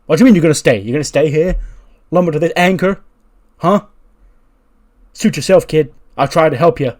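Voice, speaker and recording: A man voicing a loud, bossy older male wrestler who barks orders at his nephew, in a wrestling game playthrough. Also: mid-range voice, animated, normal speed, voice pushed up, lightly acted. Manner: shouting, pushy, barking orders.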